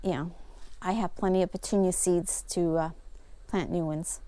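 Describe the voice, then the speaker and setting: This homesteading vlogger narrates her farmyard chores as she goes, relaxed and casual. She speaks with a warm, steady, lowish voice at a moderate pace, recorded without echo.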